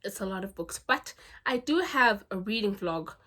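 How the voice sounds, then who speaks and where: A woman's voice: mid-range voice, lively intonation, moderate pace, fairly bright tone. Gushing woman reviewing books. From South Africa. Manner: gushing, chatty, lots of "like" and "legit". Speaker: book vlogger. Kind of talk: casual book review vlog.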